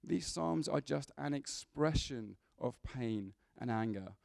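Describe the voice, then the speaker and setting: Speaking slowly, a church preacher addresses his congregation casually and sprinkles in jokes. His tone is warm and gravelly, a touch higher than usual for a man, with lively intonation. The sound is dry and close, free of echo.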